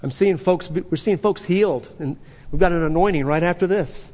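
High-voiced preaching man, big hall. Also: normal speed, darkish tone. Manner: conversational preaching with sudden high emphatic bursts. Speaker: pastor. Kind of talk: sermon. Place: church sanctuary. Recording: long reverb of a large hall.

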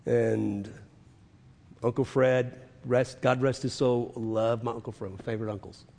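Guy preaching in a church hall, goes quiet then loud and punchy, lots of reverb. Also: mid-range voice, fairly even intonation, unhurried, creaky. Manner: swings from hushed asides to loud emphatic preaching. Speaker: pastor. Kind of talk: sermon.

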